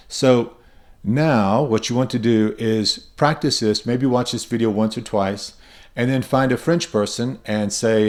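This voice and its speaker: A man's voice: mid-range voice, fairly even intonation, a little slow. A man teaching pronunciation, patiently explaining and repeating example sounds, a native English speaker. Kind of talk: explanatory lesson with spoken examples.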